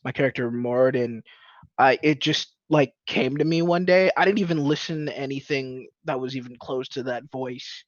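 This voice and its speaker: A man's voice: medium pitch, moderate pace, no echo, highs cut off. A man in casual chat about voice acting, laid-back and peppering his talk with "you know" and "man".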